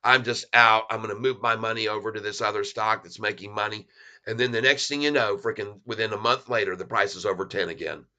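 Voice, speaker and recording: A man's voice: fairly low pitch, fairly even intonation, fast talker, bright, forceful tone. A man hosting a casual stock livestream, chuckling often as he reads the chat aloud and talks straight to viewers.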